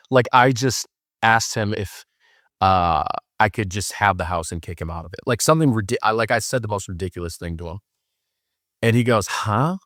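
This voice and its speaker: Young man, deep voice, casual storytelling, joking, filler words, dry close sound. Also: moderate pace, long pauses, a bit bright, no room sound. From Wisconsin. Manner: loose and joking, lots of fillers, acts out voices in quotes. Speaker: podcast host.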